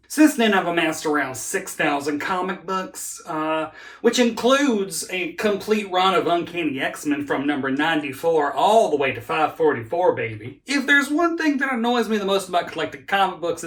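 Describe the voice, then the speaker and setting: A man performing as a campy drag queen hosts a comedic vlog from his home office. His voice sits slightly high and leaps even higher for theatrical, sassy exclamations. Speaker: drag queen comic vlogger.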